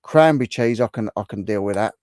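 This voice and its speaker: A man's voice: fairly low pitch, fast, a little mellow, no echo, studio quality. A middle-aged man hosting a casual livestream and chatting back to viewers' comments. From England. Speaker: livestream host. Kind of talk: casual live chat.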